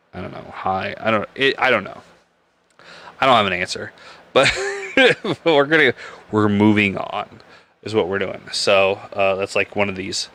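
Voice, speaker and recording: There's a little hiss or hum behind this fairly low, sharp-toned male voice. He's a Nebraska podcast host chatting casually about beer on a live stream, rambling, joking crudely, and laughing often.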